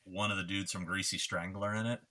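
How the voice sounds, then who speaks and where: A low-pitched man with a very bright, forceful tone tells stories in a casual chat. He talks in an animated, profane way and mixes in fillers as he goes. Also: brisk. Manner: profane, animated anecdote telling. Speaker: guest. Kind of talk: casual storytelling.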